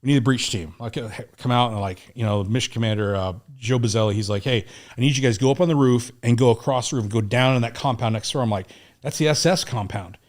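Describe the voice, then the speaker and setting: Profane, animated storyteller man. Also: mid-range voice, fast talker. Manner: animated, profane war storytelling, acts out quotes. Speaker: guest. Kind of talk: casual storytelling in a podcast interview.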